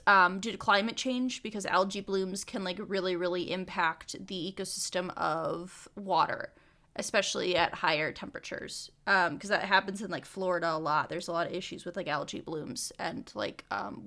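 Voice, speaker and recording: A woman's voice: on the low side, steady tone, normal speed, a bit bright. A young woman co-hosting a casual research podcast, chatty with laughing asides and many fillers. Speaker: podcast co-host.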